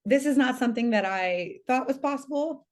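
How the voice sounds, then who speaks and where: A woman's voice: sits high, moderate pace. A woman guest telling a spooky personal story in casual conversation, chatty with lots of fillers. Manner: animated storytelling with many fillers. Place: lives in Tennessee.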